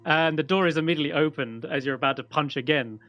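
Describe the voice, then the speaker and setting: A man's voice: a little high, fast talker, fairly bright tone, no room sound, highs cut off, soft background music. A man narrating as game master, hesitant with frequent ums. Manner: hesitant, many ums and restarts.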